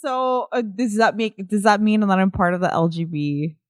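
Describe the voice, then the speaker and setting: A woman's voice: mid-range voice, normal speed, no echo, clean studio sound. A woman co-hosting a podcast, chatting casually in a giggly, playful way. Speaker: podcast co-host.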